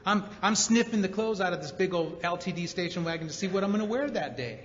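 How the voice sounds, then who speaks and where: A man's voice: high-pitched, lively intonation, quick pace, slight background noise. A man giving a personal recovery testimony at a convention, telling his story with emotional emphasis. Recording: roomy hall reverb, dull sound.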